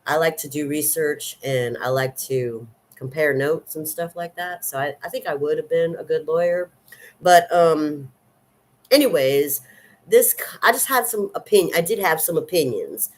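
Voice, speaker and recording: Woman, 50s, Southern accent; casual, rambling vlog chatter full of fillers. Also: low-pitched. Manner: rambling and chatty, with many ums and restarts. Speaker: vlogger. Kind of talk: casual chat.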